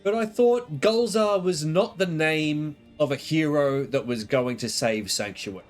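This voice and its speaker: A man's voice: a little high, faint music behind. A man giving casual gameplay commentary, chatty and a bit self-mocking, his voice stuffy from the flu. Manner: chatty, self-deprecating, lots of pauses. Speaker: gaming video creator.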